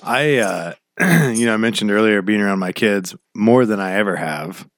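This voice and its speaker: A man's voice: lowish voice, moderate pace, dry recording, studio quality. A man in his thirties hosting a radio show from his home office, chatting casually and rambling with easy laughs. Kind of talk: casual chat.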